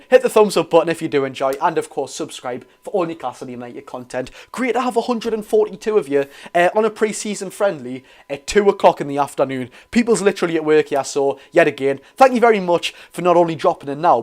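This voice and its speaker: A young Geordie man hosts a live football watch-along, flicking between excitable calls of the action and friendly chat with his viewers. His voice sits a touch higher than most men's, and he reads out comments as they come in. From North East England. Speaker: football fan streamer.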